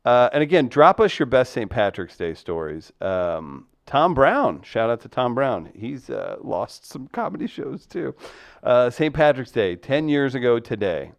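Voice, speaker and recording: A man's voice: mid-range voice, big pitch swings, measured pace, creaky, dry recording. A man hosting a casual live-stream talk show, joking and reading listener comments aloud. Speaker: podcast host.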